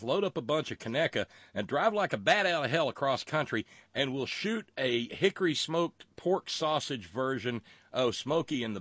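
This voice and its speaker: A man's voice: medium pitch, fairly bright tone, dry recording. A man hosting a casual call-in chat, with folksy banter and lots of restarts. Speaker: show host.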